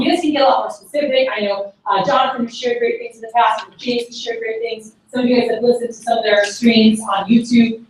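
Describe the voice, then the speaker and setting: A woman giving a chatty sales-training talk at a conference, full of "like" and "you know". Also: a little high. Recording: very echoey, far from the mic, faint room noise.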